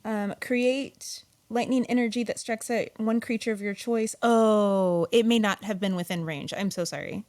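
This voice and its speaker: A woman's voice: mid-range voice, steady tone, moderate pace, few pauses, a little mellow. A woman playing a tabletop game, hesitant and apologetic as she works out her turn. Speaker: player.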